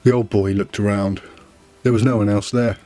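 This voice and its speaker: Low-voiced guy reading a story, dry and wry, faint music underneath. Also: fairly even intonation, normal speed, warm tone. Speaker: audiobook narrator. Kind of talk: scripted narration.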